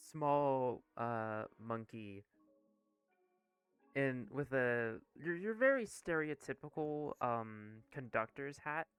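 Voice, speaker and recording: A man's voice: medium pitch, a bit bright, clear, resonant tone, no room sound. A man running a tabletop game, narrating in a rambling, casual way and laughing at himself. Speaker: game master.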